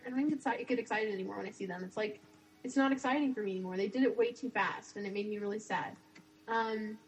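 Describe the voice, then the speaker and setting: A woman's voice: on the high side, poor audio. A young woman co-hosting a fan podcast in casual chat, frank and opinionated, rambling a little. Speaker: podcast co-host.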